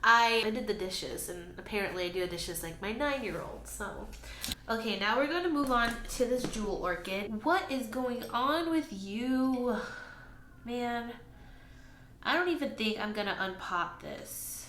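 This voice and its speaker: A woman's voice: mid-range voice, normal speed, sharp tone. A woman, chatting casually in a plant vlog and talking to her plants. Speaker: plant vlogger. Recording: echoey room with faint ambient noise.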